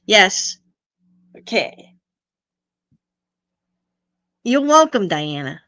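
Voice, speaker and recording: Middle-aged woman hosting a live stream, chatty with viewers; bright, crisp voice. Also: medium pitch, sing-song, extremely slow. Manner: chatty, greets and answers viewers' comments. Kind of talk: casual live stream chat.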